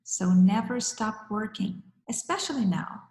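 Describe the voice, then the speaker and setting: Woman, acting teacher, measured and encouraging, gravelly voice, roomy echo. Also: mid-range voice, lively intonation, darkish tone. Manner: measured, encouraging, direct address. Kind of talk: instructional talk to camera.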